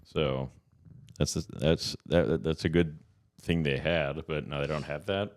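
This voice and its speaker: Male podcast co-host, extremely low voice, rambling jokey banter. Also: a little slow. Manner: rambling, jokey, frequent restarts. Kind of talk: casual comedy chat.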